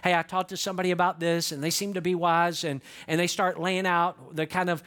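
Emphatic high-voiced male pastor preaching. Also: level tone, brisk, a bit bright. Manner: emphatic, repeats key lines for the congregation. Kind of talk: sermon.

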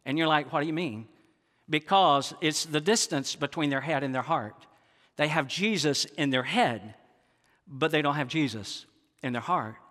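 A pastor preaching a sermon in an earnest, confessional way, often asking the congregation questions. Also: male voice, on the high side, moderate pace, pushed and bright, big-room sound. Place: large church sanctuary.

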